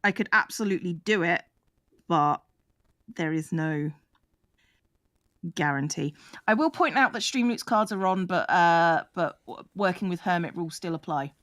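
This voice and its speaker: A woman's voice: fairly low pitch, expressive, normal speed, long pauses, fairly bright tone, no echo. A woman chatting casually on a livestream, making dry, matter-of-fact remarks. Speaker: streamer host.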